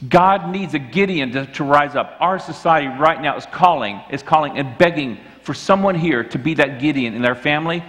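A man's voice: medium pitch, fairly bright tone. A man preaching a sermon as the pastor, earnest and often restarting his sentences. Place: church sanctuary. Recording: church hall reverb.

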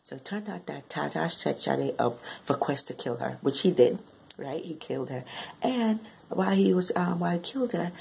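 Husky low-voiced woman recapping a book. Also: lively intonation, moderate pace, a little mellow, low-quality recording. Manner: chatty, slangy retelling with frequent "right?"; exclaims in sudden high bursts. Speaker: book reviewer.

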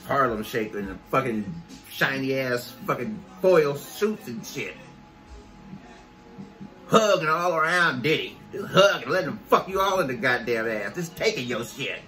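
A man's voice: mid-range voice, lively intonation, unhurried, pushed and bright, soft background music. Scornful man ranting bluntly. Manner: blunt, scornful, heavy cursing. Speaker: vlogger. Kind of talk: profane rant to camera.

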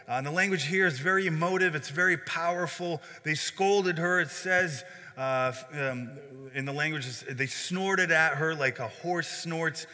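A man's voice: a little high, unhurried, pushed and bright. A man preaching a sermon as pastor, conversational, with frequent fillers and restarts. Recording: long hall reverb.

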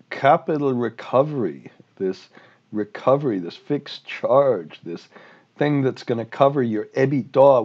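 A man's voice: medium pitch, a little mellow, dull audio, pitched above the performer's own voice. A man voicing a dismissive, scolding regulator. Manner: scolding, exasperated. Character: impatient government regulator, adult man, dismissive.

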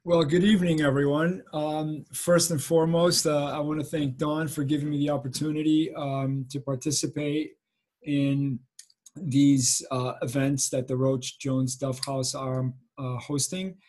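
Earnest middle-aged man, slightly high voice. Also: level tone, a little slow, a little mellow. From Massachusetts. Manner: earnest, many fillers, reflective. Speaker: photojournalist guest speaker. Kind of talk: informal lecture. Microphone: video call.

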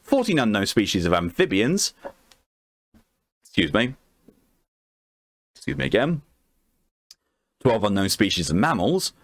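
A man's voice: fairly low pitch, very animated, a little slow, long pauses, dry recording. A man reading documents aloud on a live stream, breaking off to swear and react.

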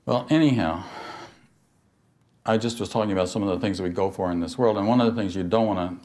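A man's voice: fairly low pitch, fast, darkish tone. Storytelling older man lecturing. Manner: storytelling, asks the audience questions, laughs often. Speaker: speaker on mysticism. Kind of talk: spiritual talk to an audience.

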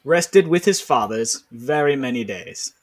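A man's voice: mid-range voice, expressive, measured pace. A man co-hosting a podcast, reading a comic text aloud playfully and acting out the quoted lines. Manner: playful, laughs often, acts out lines. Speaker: podcast co-host.

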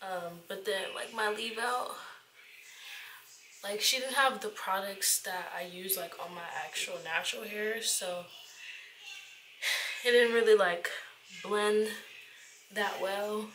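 A woman's voice: medium pitch, takes it slowly, long pauses, fairly bright tone. Young woman from atlanta vlogging, chatty and slangy, noisy background hum. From Atlanta, Georgia. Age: 20s. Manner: chatty, upbeat, loose slang. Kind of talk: casual vlog chat.

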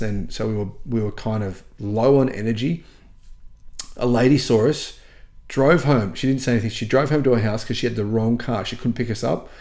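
A man's voice: medium pitch, a little mellow. A man with an Australian accent, a channel host casually telling earnest, rambling travel stories to his viewers. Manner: earnest, rambling anecdotes with frequent restarts. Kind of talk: casual vlog storytelling.

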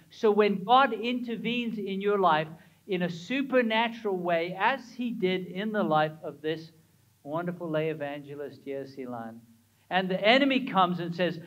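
A middle-aged male pastor preaches a sermon in a church, his voice sitting high for a man. He drives his points home with emphasis and keeps turning to the congregation with questions. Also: normal speed, fairly bright tone, low-quality recording.

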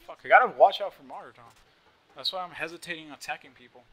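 A young man with a slight lisp giving casual, joking live commentary over his own shooter gameplay, swearing often and yelling at other players. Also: on the high side, quick pace. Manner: joking, swears often, yells at opponents and teammates.

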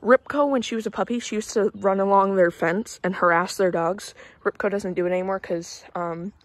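A young woman with a medium-pitched voice talks briskly while walking through a neighborhood outdoors, with no echo. Her casual, rambling vlog is chatty and breathless, packed with fillers and indignant asides about her neighbors.

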